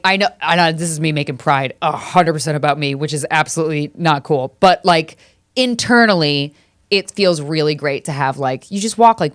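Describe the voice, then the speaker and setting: A woman's voice: sits low, smooth, dry recording, studio quality. A woman in her thirties hosting a podcast, telling stories in a casual, chatty way, swearing freely and laughing often. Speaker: podcast host. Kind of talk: casual comedic monologue.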